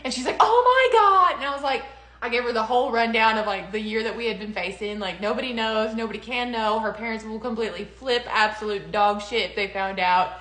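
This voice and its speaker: A woman's voice: on the high side, fairly even intonation, fast talker, a bit bright, roomy sound. A young woman in casual conversation, telling a personal story with lots of laughter and quoted voices. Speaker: podcast co-host.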